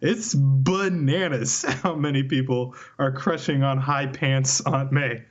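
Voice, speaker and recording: A man's voice: medium pitch, steady tone, slow pace. A man co-hosting a laid-back movie podcast, chuckling often as he talks in a mid-range voice. The audio is a little dull and lo-fi. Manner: laughs often, easygoing and amused. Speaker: podcast co-host. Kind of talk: casual film discussion.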